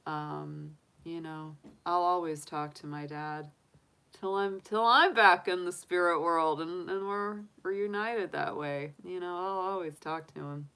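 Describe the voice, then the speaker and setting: A woman's voice: on the low side, fairly even intonation, measured pace, vocal fry, a bit bright, clear, resonant tone. A woman, hosting a tarot live stream, chatting openly and emotionally with viewers and laughing often. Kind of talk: casual live-stream chat.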